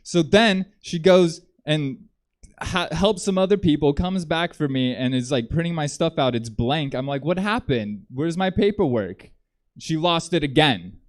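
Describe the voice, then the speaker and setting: A man doing a stand-up comedy set on a theater stage, rambling in a deadpan way with frequent ums. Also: a little high, normal speed.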